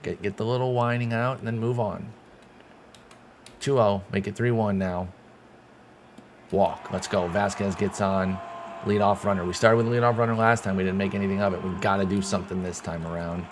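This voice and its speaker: A man giving casual play-by-play commentary while playing a baseball game, excitable and swearing when things go wrong. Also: lowish voice, normal speed, a little hiss or hum. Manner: excitable, swears when frustrated, talks to himself. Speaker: gaming channel host.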